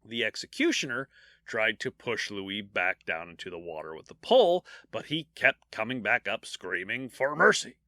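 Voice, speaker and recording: A man's voice: fairly low pitch, normal speed, no room sound, clean studio sound. A man co-hosting a podcast, telling grim history stories in a casual, joking way. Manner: animated storyteller, jokes about grim details. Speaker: podcast co-host.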